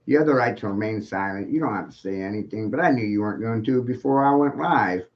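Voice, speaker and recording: Speaking quickly in a lowish voice, a man hosting a livestream taunts his audience in a monologue packed with repeated lines and rhetorical questions. The sound is muffled, lo-fi stream audio.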